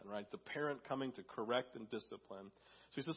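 A man's voice: medium pitch, quick pace, breathy edge, muffled recording. A man preaching a conversational sermon, telling a story and acting out quotes, a little sick that day. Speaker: pastor.

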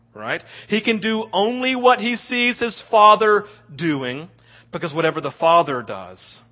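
A man preaching a sermon as a pastor, animated and acting out little scenes in quoted voices. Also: on the high side. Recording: dull lo-fi audio.

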